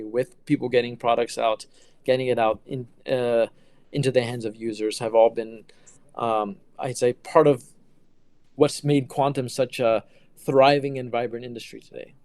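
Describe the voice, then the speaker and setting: Middle-aged man, interview guest, smooth clear voice, dry close sound, lots of ums and restarts. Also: medium pitch, flat delivery, normal speed, a little mellow, no room sound. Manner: hesitant, many fillers and restarts. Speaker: quantum computing engineer. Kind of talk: casual interview answers.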